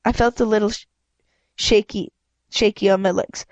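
A woman's voice: mid-range voice, fairly even intonation, moderate pace, no room sound, lo-fi sound. A woman with a head cold reading a children's story aloud in a casual, stumbling way, often restarting words and making asides. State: stuffed up with a cold. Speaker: amateur audiobook reader. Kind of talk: casual read-aloud narration.

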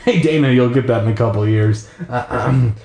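A man's voice: medium pitch, a little fast, a little mellow. A man reading a children's book aloud in a casual style, with playful, jokey asides. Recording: echoey room.

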